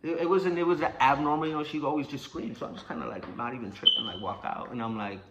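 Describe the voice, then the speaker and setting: A young man casually telling a personal story, animated and profane, acting out what people said. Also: a little high, fast, lo-fi sound, heavy background noise. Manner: animated, profane, acts out quotes.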